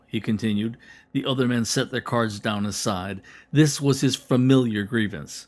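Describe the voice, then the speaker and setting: A man, the author, narrating an audiobook of his own novel in a measured, reflective first-person telling. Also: medium pitch.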